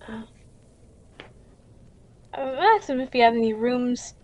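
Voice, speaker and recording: A woman's voice: on the high side, flat delivery, takes it slowly, a little mellow, muffled recording. A woman playing a tabletop role-playing game, talking in a playful way. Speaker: player.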